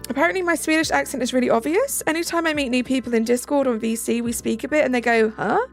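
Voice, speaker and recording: Chatty British woman, gravelly edge. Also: high-pitched, fast talker. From Britain. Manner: chatty, reads out and answers chat, thanks viewers. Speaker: live-stream host. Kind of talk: casual live-stream chat. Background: faint background music.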